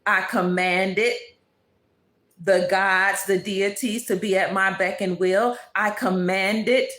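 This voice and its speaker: A woman's voice: mid-range voice, steady tone, slow pace, a bit bright. Emphatic woman preaching in a roomy space. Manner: emphatic, declarative, preachy repetition. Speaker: channel host. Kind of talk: spiritual monologue. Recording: roomy echo.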